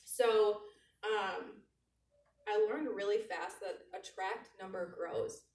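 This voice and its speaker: A woman in her thirties giving an animated motivational sales talk to a live audience, slowly repeating her key phrases. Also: medium pitch. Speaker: sales trainer. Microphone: handheld mic held away from mouth. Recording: roomy, distant handheld mic.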